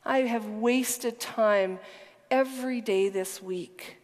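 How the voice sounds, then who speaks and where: A woman's voice: on the high side, takes it slowly, a little mellow. Woman preacher, earnest and emphatic sermon delivery, occasional whispers, long hall reverb. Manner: earnest, emphatic storytelling, dropping to a whisper at times.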